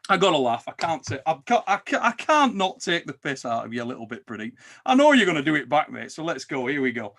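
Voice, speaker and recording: A man hosting a casual chat, animated and quick to swear and tease. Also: on the high side. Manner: animated, swears, teasing banter. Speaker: podcast host.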